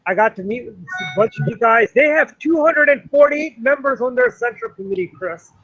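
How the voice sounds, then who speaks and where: A man's voice: very high-pitched, big pitch swings, moderate pace, fairly bright tone, dull audio, faint music behind. A man co-hosting a political talk show, indignant and rambling with lots of fillers. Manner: indignant, talks in long runs with many fillers. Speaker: co-host. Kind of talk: political commentary chat.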